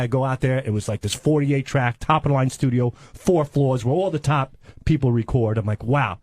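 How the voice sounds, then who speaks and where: A man's voice: mid-range voice, fairly quick, darkish tone, dry recording. A man in his forties from Long Island telling a self-mocking story on a radio show, rambling and restarting his sentences. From Long Island, New York. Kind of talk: casual radio banter, storytelling.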